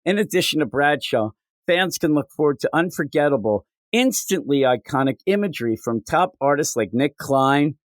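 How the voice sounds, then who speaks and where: Man, podcast host, joking riffs, mid pitch, dry close sound. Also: lively intonation, normal speed, dry recording. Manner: riffing, jokey, puts on silly voices. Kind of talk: casual comedic chat.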